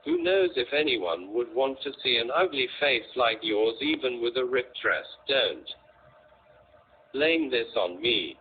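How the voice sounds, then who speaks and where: A man's voice: medium pitch, animated, measured pace, slightly rough. A man voicing a bullying young mob boss who talks down to a girl with scorn, heard over a tinny line. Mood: angry. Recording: tinny, lo-fi, faint noise.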